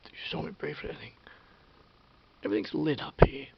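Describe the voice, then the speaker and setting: Aussie bloke vlogging, real gravelly voice, swears a lot, bit muffled with hiss. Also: male voice, fairly high pitch, normal speed. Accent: Australian. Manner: animated, swears freely, whispers asides. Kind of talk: casual storytelling to camera. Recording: dull lo-fi with faint hiss.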